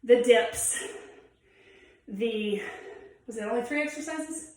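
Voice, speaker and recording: A woman's voice: fairly high pitch, slow, a little mellow. A young woman teaching a home workout, demonstrating the moves as she talks and sounding out of breath. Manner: encouraging, demonstrating while talking. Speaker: fitness instructor. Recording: very echoey room, mic from far off.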